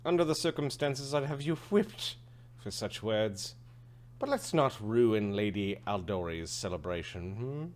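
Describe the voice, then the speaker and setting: A man's voice: on the low side, animated, measured pace. A man voicing a haughty, arrogant male noble baron, with a pompous, drawling delivery.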